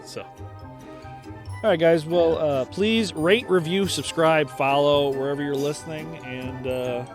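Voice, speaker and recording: A man's voice: a little high, fairly even intonation, unhurried, music in the background. A man with an American accent co-hosting a podcast in casual chat, easygoing, and he also reads the show's sign-off. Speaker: podcast co-host.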